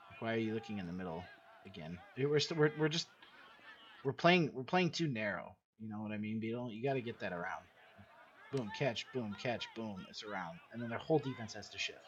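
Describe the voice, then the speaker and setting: A man's voice: lowish voice, background noise. A man coaching his team through game footage, talking bluntly and casually, repeating himself and swearing now and then. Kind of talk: casual game film breakdown. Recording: dull lo-fi recording.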